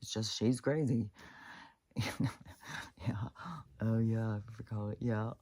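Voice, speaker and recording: A woman's voice: extremely low pitch, fairly even intonation, slow, dark tone, dry recording. A woman venting in a casual spoken monologue, rambling and profane, with restarts and laughs. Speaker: vlogger.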